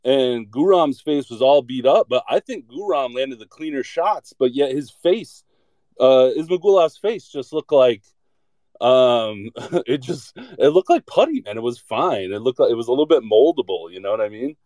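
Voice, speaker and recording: A man's voice: mid-range voice, expressive, normal speed, dark tone, no room sound. A man chatting casually and bluntly, rambling with lots of filler words and jokes. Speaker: podcast segment contributor. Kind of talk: casual chat.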